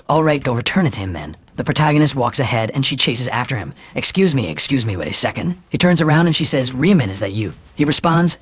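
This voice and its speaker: Male narrator, rapid-fire scripted recap, slightly husky, mid-pitched. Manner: rushed, even delivery with quick quoted dialogue. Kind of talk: fast scripted story recap, reading all parts.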